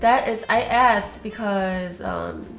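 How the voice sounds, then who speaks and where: A woman's voice: mid-range voice, slow pace, gravelly. Chatty young woman, a little sick. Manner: chatty, rambling with fillers and restarts. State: slightly sick. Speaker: food vlogger. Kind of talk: casual chat to camera. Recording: faint static and soft music.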